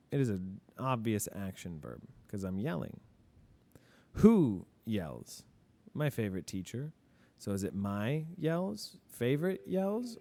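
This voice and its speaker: Guy teacher breaking down sentences, kinda low and mellow, asks himself stuff then answers, chill about mistakes. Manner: asks and answers his own questions; casual, admits mistakes openly. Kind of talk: grammar lesson, talking through worked examples.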